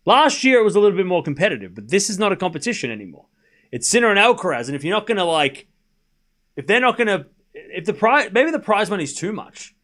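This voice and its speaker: A man hosts a live tennis watchalong, talking loosely to his chat. His voice sits a little high for a man, and he rambles through rhetorical questions and dry sarcastic asides between calling the score. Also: a bit bright. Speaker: stream host and tennis commentator. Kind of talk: casual livestream commentary.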